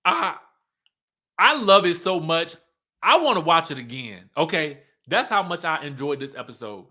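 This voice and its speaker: A man hosting a livestream recap of a reality show, sassy and animated, laughing often and talking straight to his viewers. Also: a little high, normal speed. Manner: talks straight to viewers, reads their comments aloud.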